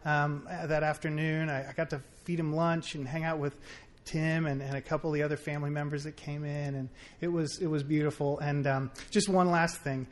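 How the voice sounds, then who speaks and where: A man with a notably high voice tells a personal story at a faith gathering. He rambles and restarts constantly, piling up fillers as he goes, and his delivery is animated throughout. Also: a little fast. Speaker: friend sharing a story.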